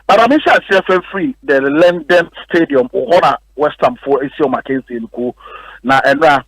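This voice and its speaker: Brief: Ghanaian male radio sports analyst, high pitch, close dry mic, emphatic and repetitive. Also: fairly bright tone, breathy edge, dry recording, poor audio. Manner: rapid code-switching, repetitive emphatic delivery. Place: radio studio.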